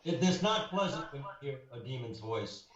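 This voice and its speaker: A man's voice: mid-range voice, very animated, moderate pace. A man who investigates the paranormal, telling anecdotes in a casual radio interview, rambling with many fillers. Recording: roomy, muffled, with crowd noise.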